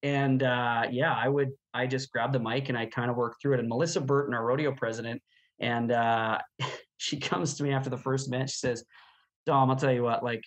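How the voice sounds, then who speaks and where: A man in his thirties from Canada spins a casual story as an interview guest. He is a chatty, animated talker who laughs easily, at an ordinary mid pitch for a man. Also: fairly quick. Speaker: guest, rodeo announcer.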